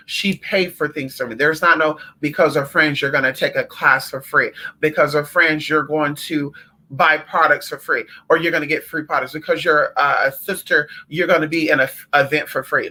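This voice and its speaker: Brief: man with a slightly high voice, spiritual consultant going live from home, sassy and emphatic, keeps calling his listeners honey. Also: moderate pace, sharp tone. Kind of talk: casual livestream rant.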